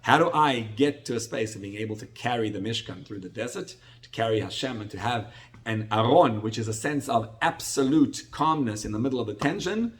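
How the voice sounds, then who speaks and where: Middle-aged rabbi guy teaching torah, chatty, keeps restarting, mid-pitched voice. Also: animated, fairly quick. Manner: conversational, repetitive restarts, acts out salesman dialogue. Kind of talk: sermon-style Torah class.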